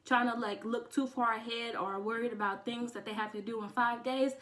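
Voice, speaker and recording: A young woman vlogging, talking casually and sassily to her viewers, calling them honey and getting excited almost to tears. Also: fairly high pitch, a little fast. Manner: sassy and chatty, says honey a lot; emotional, close to tears with excitement. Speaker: beauty vlogger. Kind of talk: casual chat to camera.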